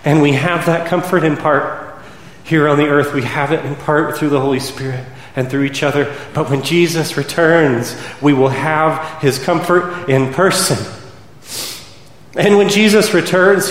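A man preaching a sermon as pastor, rising to impassioned peaks and dropping to soft, quiet stretches. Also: a little high, reverberant, long reverb tail. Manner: builds to impassioned, soaring climaxes then drops soft.

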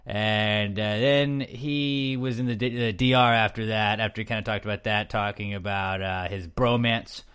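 A man's voice: fairly low pitch, steady tone, normal speed, few pauses, a bit bright, clear, resonant tone. A young man hosting a podcast, recapping in a loose, joking, rambling chat full of fillers. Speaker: podcast host.

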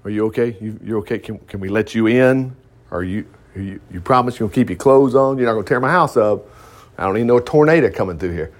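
A preacher playing a stammering, wary relative. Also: male voice, fairly low pitch, fast, voice pushed down, close to an everyday voice. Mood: nervous. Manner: anxious, stammering questions. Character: wary, nervous family member at the door.

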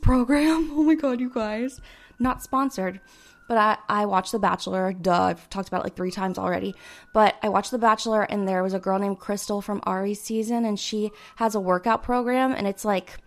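A woman in her twenties hosting a podcast, chatting casually and animatedly to listeners in a solo monologue full of fillers. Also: mid-range voice. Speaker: podcast host. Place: indoors with sirens outside.

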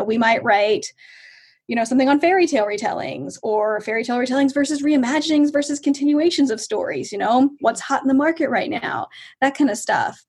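A woman author as a guest in an interview, chatty, laughing often and acting out quotes in lively asides. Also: fairly high pitch, slightly rough. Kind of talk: casual interview chat.

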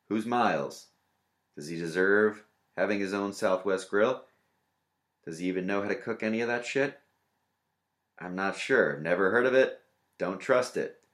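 A man's voice: sits low, a bit bright. A young man hosting a podcast, telling rambling stories in a casual, crude, sarcastic way. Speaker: podcast host. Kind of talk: casual comedic monologue.

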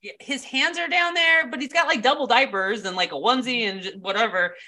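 A woman co-hosting a podcast in casual chat, candid and quick to laugh, often quoting other people as she tells stories. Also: a little high, bright, forceful tone. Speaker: podcast co-host.

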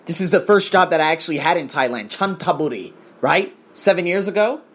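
Animated, husky-voiced American man ranting. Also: on the high side, brisk. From United States. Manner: animated, crude and emphatic, ranting. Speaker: podcast host. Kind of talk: casual storytelling.

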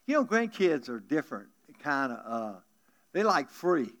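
Older man, South Louisiana accent, folksy joking sermon, slightly high voice. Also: very animated, unhurried, fairly bright tone. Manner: folksy, chatty, joking with the congregation. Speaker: guest pastor.

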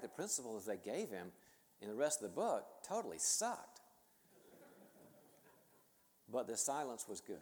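A middle-aged man gives an animated talk on stage, mixing advice with personal stories and poking fun at himself. His voice sits in a middle register. A long hall reverb trails every phrase. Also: medium pitch. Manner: conversational, self-deprecating, animated storyteller. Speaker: speaker and author addressing leaders. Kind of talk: conference talk with personal storytelling.

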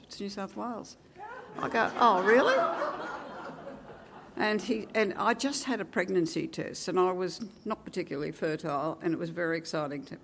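An older woman with an Australian accent, a retired teacher, recounting her career with lively acted-out dialogue and wry asides. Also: fairly low pitch, vocal fry, a little hiss or hum. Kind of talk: oral history reminiscence.

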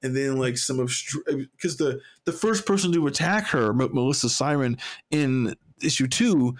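A man's voice: mid-range voice, moderate pace. A man co-hosting a podcast in casual chat, rambling with many fillers and restarts, and acting out quoted lines. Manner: animated, acts out quoted voices. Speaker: podcast co-host.

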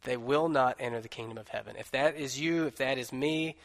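A man's voice: medium pitch, brisk. A man, a pastor, preaching an emphatic sermon to his congregation. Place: church sanctuary. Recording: long reverb of a large room.

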